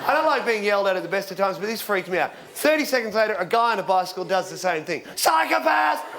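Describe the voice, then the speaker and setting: An Australian man in his forties doing stand-up comedy, telling rambling deadpan stories with sudden shouted punchlines. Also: high-pitched, very fast, slight background noise. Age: 40s. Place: theatre stage with live audience. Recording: live show with loud crowd laughter.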